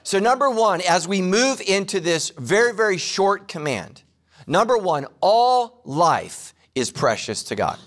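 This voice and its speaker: A man with a high voice delivers a sermon. He is casual and jokey with his listeners, and he repeats the main points slowly for weight. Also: big pitch swings, fairly bright tone. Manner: casual joking preacher, repeats key lines slowly. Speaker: pastor.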